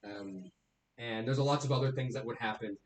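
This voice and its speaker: A man's voice: medium pitch, normal speed, slight background noise. A young man runs a tabletop game, telling the story in a loose, rambling way full of fillers. His voice sits in the middle and carries a roomy echo. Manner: rambling, full of likes and ums. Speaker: dungeon master. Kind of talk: casual tabletop game narration.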